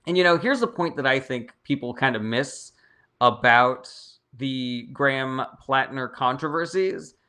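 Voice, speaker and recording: Blunt, profane young man with a bright voice. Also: medium pitch, unhurried, clear, resonant tone. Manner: blunt, profane and opinionated, reads chat comments aloud. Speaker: livestream host answering chat questions. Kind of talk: casual livestream chat.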